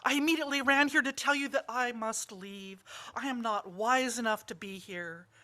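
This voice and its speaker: An anxious, self-effacing monk, as a woman reading a parable puts him on. The voice sits a bit high and has a bright, forceful edge. He speaks earnestly and humbly, as if he does not believe he belongs. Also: moderate pace. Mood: humble. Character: humble, nervous visiting male monk. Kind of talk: storytelling in a service.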